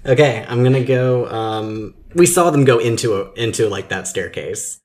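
A man's voice: medium pitch, moderate pace, a little mellow. A man playing a tabletop game, hesitant and full of fillers as he decides his moves. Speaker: player. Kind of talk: casual chat.

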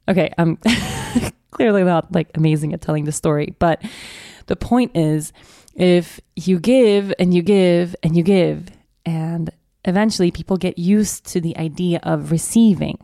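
A woman's voice: lowish voice, measured pace, vocal fry, no echo, clean studio sound. A woman in her thirties hosting a podcast, telling personal stories in a candid, reflective way with frequent laughs. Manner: candid, laughs often, warm storytelling. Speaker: podcast host.

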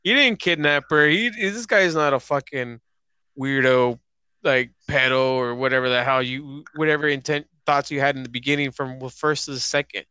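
A man's voice: mid-range voice, steady tone, moderate pace, pushed and bright, clear, resonant tone, dry recording. A man who is a guest on a casual movie review chat, talking loosely and swearing. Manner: loose, swearing, with restarts and fillers. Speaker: podcast guest.

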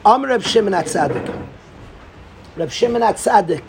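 A middle-aged man giving an informal Torah talk to a group, excitable and repetitive, often restarting his sentences. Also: high-pitched, moderate pace, creaky, background noise. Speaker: Torah teacher.

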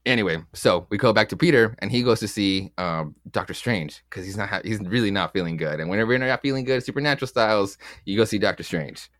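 A man co-hosting a podcast rambles through comic book issues with his co-hosts, swearing freely and acting out quotes. He talks fast with hardly any pauses in a lowish, slightly bright voice, with no room sound.

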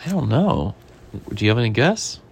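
A man reading a picture book aloud in an animated way, stopping to ask the listener questions. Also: mid-range voice, normal speed, creaky, slight background noise. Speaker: reader.

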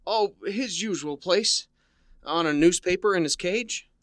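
A bashful, fumbling schoolteacher. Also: male voice, high voice, unhurried, fairly bright tone, no echo, studio quality. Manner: hesitant, fumbling. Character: shy, awkward male biology teacher. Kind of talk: 1950s radio comedy acting.

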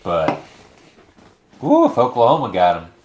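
A man's voice: mid-range voice, wildly swooping pitch, measured pace, darkish tone, slight background noise. A man co-hosting a casual sports chat, mostly chiming in with short agreeing interjections. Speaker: sports podcast co-host.

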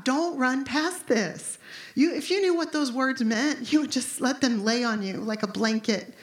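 Animated woman pastor preaching in an echoey room. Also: a little high, moderate pace. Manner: animated, emphatic, conversational preaching. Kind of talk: sermon.

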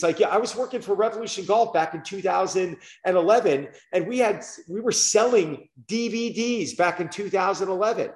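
A middle-aged man telling stories in a casual podcast chat, animated and acting out quotes, with many repeated words. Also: sits high, brisk, roomy sound. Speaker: guest, fitness business owner.

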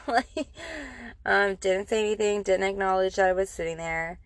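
A woman's voice: medium pitch, steady tone, moderate pace, dry recording. A woman casually telling a personal story, rambling with many fillers and restarts.

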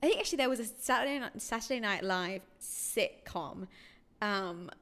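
A woman co-hosting a casual podcast. She chats easily with her friend and reads out questions, her voice at an ordinary middle pitch. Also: lively intonation, moderate pace, a bit bright. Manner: chatty, asks questions. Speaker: podcast co-host.

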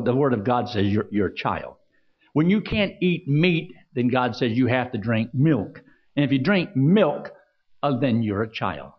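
A man's voice: medium pitch, lo-fi sound. A man preaching a sermon, asking the congregation questions and reading scripture aloud. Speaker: pastor.

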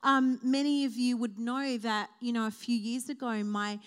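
A woman's voice: a little high, level tone, normal speed, clean tone. A woman preaching a sermon at a church service, speaking heartfelt and building to a rising preaching cadence.

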